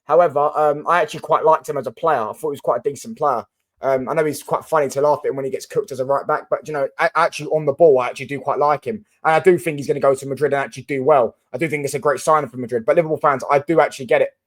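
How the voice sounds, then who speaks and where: Rambling Mancunian young man, slightly high. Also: steady tone, rapid-fire. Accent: Mancunian English. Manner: rambling, swears, restarts often. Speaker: football channel host. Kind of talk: casual solo reaction commentary.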